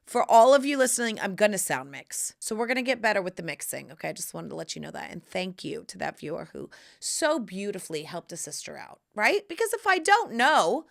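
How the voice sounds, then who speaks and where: A woman hosts her solo podcast with a sassy, theatrical delivery. Her pitch leaps all over the place as she jumps from loud bursts down to breathy whispers. She calls her listeners honey. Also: big pitch swings, brisk, few pauses. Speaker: podcast host. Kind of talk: casual solo podcast chat.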